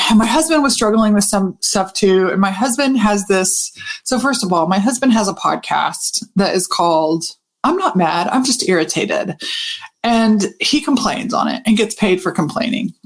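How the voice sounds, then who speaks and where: A woman, a business coach telling a casual, animated story to her audience and swearing freely. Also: mid-range voice. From Texas.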